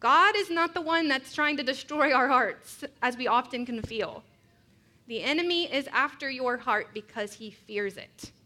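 Woman preaching, bright highish voice, earnest reflective sermon with personal stories.

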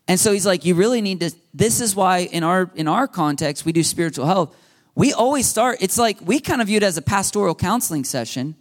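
A man preaching a sermon as pastor, lively and animated, acting out the voices he quotes. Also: sits high.

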